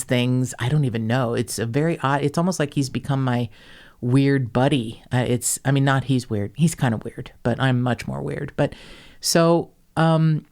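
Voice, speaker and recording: A woman's voice: a bass voice, gravelly, darkish tone. A woman hosting a casual podcast, telling stories in a profane, self-mocking way and acting out the people she quotes. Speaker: podcast host.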